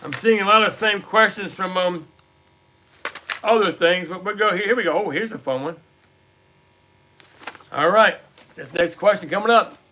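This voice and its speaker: High bright-voiced trivia stream host. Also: male voice, a little hiss or hum. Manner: reads out scores and questions, repeats questions slowly. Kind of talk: casual livestream chat.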